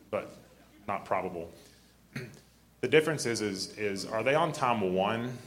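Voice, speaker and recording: Man, deep grumbly voice, sermon, keeps clearing his throat, somewhat low pitch. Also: fairly bright tone. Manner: frequent throat clearing and repeated restarts. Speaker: preacher.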